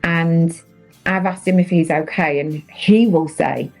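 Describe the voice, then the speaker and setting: A woman's voice: low-pitched, steady tone, unhurried, vocal fry, a little mellow, soft background music, poor audio. A woman in her thirties, a podcast guest, telling her own story in an earnest, reflective way during a candid conversation.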